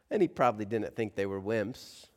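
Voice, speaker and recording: A man preaching a sermon, lively and playful, acting out the story with funny voices. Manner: animated, acts out scenes with playful voices; reads scripture aloud in a slower, lower tone. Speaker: pastor.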